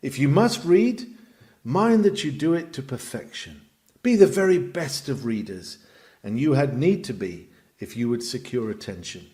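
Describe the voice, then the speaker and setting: A male reader delivers a Victorian lecture on preaching aloud at medium pitch and normal speed, his expressive emphasis swelling and dropping.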